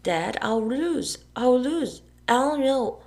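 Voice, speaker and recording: A stubborn, excitable young boy from a storybook, put on by a woman reading aloud. The voice rides high and swings wildly in pitch, with a gravelly edge. He sounds shrill and eager, ready to holler. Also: slow, exaggerated voice. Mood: pleading. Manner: shrill, yelling triumphantly.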